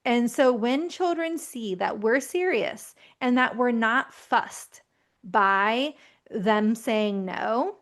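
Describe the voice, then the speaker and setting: A woman in her thirties giving calm, reassuring parenting advice in a gently explanatory way. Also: a little high, slow. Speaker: parenting educator.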